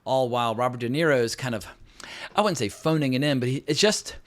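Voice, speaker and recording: A man reviewing a film in a loose, conversational way, blunt about what he thinks. He talks at a middle pitch for a man, often circling back with fillers and restarts. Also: fast talker. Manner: candid, chatty, frequent fillers and restarts. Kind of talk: casual spoken film review.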